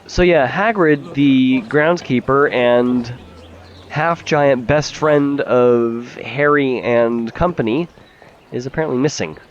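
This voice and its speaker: A man's voice: medium pitch, slow, dull audio. A man giving casual, chatty gameplay commentary as a let's play host, swearing freely and laughing easily.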